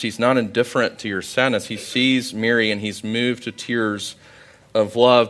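A young adult man preaching a sermon to a congregation in a conversational, storytelling way with animated emphasis. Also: medium pitch. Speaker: pastor.

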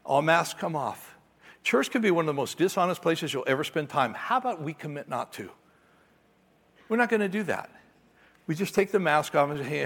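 Gravelly-voiced middle-aged pastor guy telling a sermon story, kinda high voice, echoey hall. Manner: animated storyteller, acts out voices, ends in quiet prayer.

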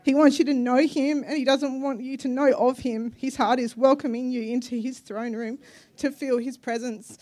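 A fairly high-voiced woman in her thirties gives a personal testimony sermon. She sounds earnest and emotional, with soft hesitations between phrases. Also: fairly even intonation, moderate pace, few pauses. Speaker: guest preacher.

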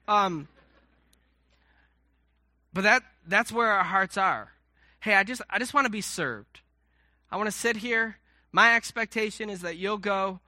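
A man's voice: high-pitched, bright, forceful tone, no echo, clean studio sound. A man in his thirties preaching a sermon, conversational and self-mocking, often acting out quotes and asides. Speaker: pastor.

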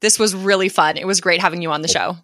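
Bright-voiced woman podcast host. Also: lowish voice, quick pace. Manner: upbeat, affirming, many short back-channel replies. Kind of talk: casual interview and closing talk.

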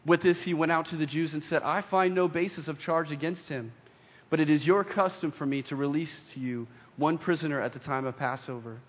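A young adult man preaching a sermon in a church, reading scripture aloud with earnest emphasis and pauses. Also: fairly high pitch, steady tone. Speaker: pastor. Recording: dull lo-fi sound with long hall reverb.

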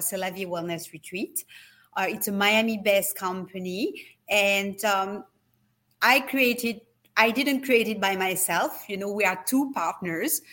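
Woman, middle-aged, French accent, French native speaker, interview guest, measured halting speech. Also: medium pitch, a bit bright. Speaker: interview guest, company founder.

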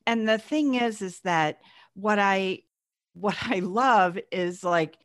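A woman's voice: mid-range voice, slow pace, no room sound, studio quality. A woman hosting a podcast interview, upbeat and chatty, laughing often. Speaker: podcast host.

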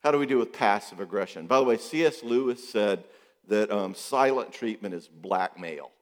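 Animated middle-aged man with a lowish voice. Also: moderate pace, in a large hall. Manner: animated, acts out quotes in voices, rhetorical questions, repeats for emphasis. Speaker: psychologist. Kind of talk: casual talk on relationships.

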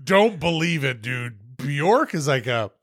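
Brief: male podcast host, animated storyteller with a fairly high voice, dry recording. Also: slow pace, no echo. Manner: animated storyteller, swears a lot, laughs often. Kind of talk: casual chat.

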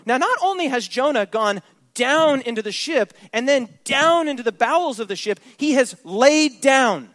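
High-voiced emphatic male preacher. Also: expressive, moderate pace, fairly bright tone, no echo. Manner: emphatic, rhetorical questions to the congregation. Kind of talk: sermon.

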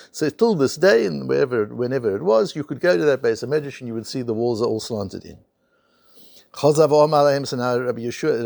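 Animated, gravelly male Talmud teacher. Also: medium pitch, dry recording, clean studio sound. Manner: animated storytelling, mixes in Hebrew and Aramaic terms. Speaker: Torah teacher. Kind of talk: Talmud class lecture.

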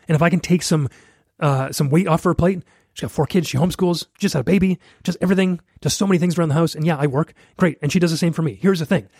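A man's voice: fairly high pitch, darkish tone, slightly rough, dry recording, studio quality. A man in his thirties hosting a solo podcast, giving blunt coaching advice straight to his listeners. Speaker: podcast host.

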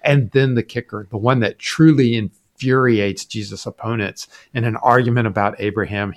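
A man's voice: fairly low pitch, normal speed, few pauses. A man co-hosting a Bible study podcast, reading a scripted explanation with emphatic turns at key points. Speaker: podcast co-host.

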